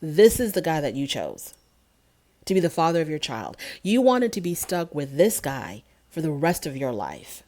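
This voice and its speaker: Low-voiced sarcastic woman reviewer. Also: wildly swooping pitch, normal speed, dark tone. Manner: sarcastic and indignant. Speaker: TV show reviewer. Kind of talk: casual recap commentary.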